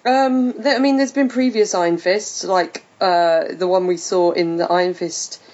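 A woman hosting a casual podcast chat, chatty and quick to laugh, thinking aloud with fillers. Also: on the low side, steady tone, a little mellow. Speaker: podcast host. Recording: muffled lo-fi podcast audio.

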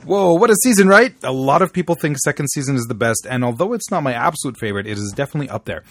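A man's voice: medium pitch, lively intonation, racing, no echo. Man, podcast host, playful and jokey, dry close sound. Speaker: podcast host reading listener emails. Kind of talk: casual chat.

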